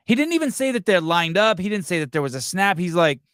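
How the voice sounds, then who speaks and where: A male podcast host in casual chat, ranting in a profane, animated way. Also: a little high, normal speed, hardly any pauses, dry recording, clean studio sound.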